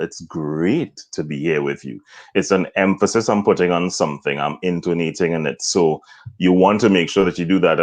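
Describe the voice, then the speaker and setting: A man from Trinidad, a voice coach guest, explaining vocal ideas step by step in an interview. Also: low-pitched. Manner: explanatory, demonstrates points with acted examples.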